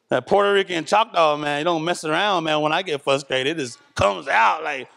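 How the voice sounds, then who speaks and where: Brief: loud, candid man sharing testimony, high-pitched voice, long church-hall reverb. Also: moderate pace, creaky. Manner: loud talker, candid and animated. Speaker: church member giving testimony. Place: church service.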